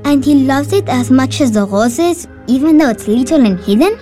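Woman playing an impulsive, devout little girl of nine, high and bright. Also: faint music behind, natural voice. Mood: earnest. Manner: bright, excitable, quick to tears. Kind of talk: audio drama acting.

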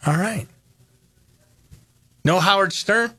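An older man hosting a radio show in casual chat, telling stories with animated repetition. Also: high voice, slow, slightly rough, dry recording. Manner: animated, storytelling, repeats phrases. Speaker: radio host.

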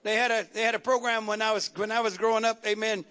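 A man preaching a call-and-response sermon, building rhythmic repeated lines into shouted refrains. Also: high voice, level tone, quick pace.

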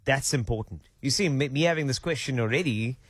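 A man's voice: medium pitch, husky, dry recording. Playful South African man, dry studio. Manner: playful, mock-official, drawn-out emphasis. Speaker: radio breakfast show host. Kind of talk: casual on-air banter.

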